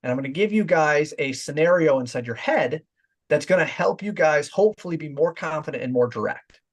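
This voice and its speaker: A man's voice: a little high, animated, fairly quick. Direct-talking male sales trainer. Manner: direct, demonstrates voice tones in quoted examples. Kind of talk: training talk.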